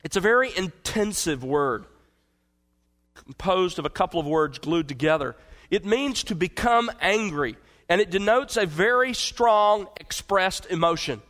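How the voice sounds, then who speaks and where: Emphatic preacher man, slightly high voice. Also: expressive, measured pace. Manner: earnest, emphatic, swings from forceful to hushed. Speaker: pastor. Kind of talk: expository sermon.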